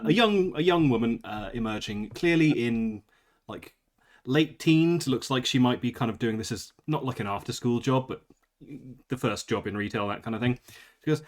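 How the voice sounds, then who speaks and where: A man narrating as game master, pausing with fillers as he describes the scene. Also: medium pitch. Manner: hesitant narration with many fillers.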